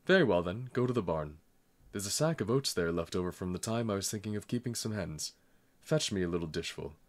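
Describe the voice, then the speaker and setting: A man's voice: sits low, animated, brisk. A man voicing an irritable old grandmother who scolds and complains. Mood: scolding. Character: stern, irritable old grandmother, fussy and proud.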